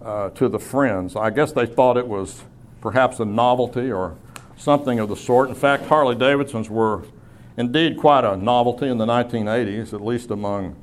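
A man's voice: mid-range voice, moderate pace. A man preaching a sermon, teaching in a conversational way with asides and small self-corrections. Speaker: pastor.

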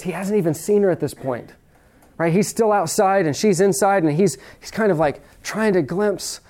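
Conversational preacher, higher-pitched man. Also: darkish tone. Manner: conversational preaching, direct questions to the audience; slows down to stress key phrases. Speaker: pastor. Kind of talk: sermon.

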